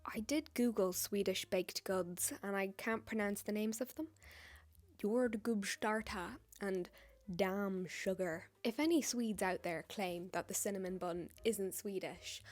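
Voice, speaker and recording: A woman's voice: medium pitch, darkish tone. A woman with an English accent, chatting in a casual vlog as a baker, joking and poking fun at herself. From United Kingdom. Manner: jokey, self-mocking, chatty asides. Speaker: baker and video creator. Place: home, tripod camera.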